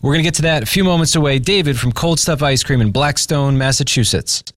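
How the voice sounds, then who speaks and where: A man's voice: fairly high pitch, fast, no echo. Upbeat radio host guy, thirties, dry close sound. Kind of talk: radio interview.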